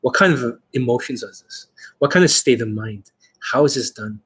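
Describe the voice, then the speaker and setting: A man's voice: mid-range voice, moderate pace, fairly bright tone, slightly rough. A man working as a dating coach, talking to the camera in a boastful way and swearing a lot. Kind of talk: profane talk to camera.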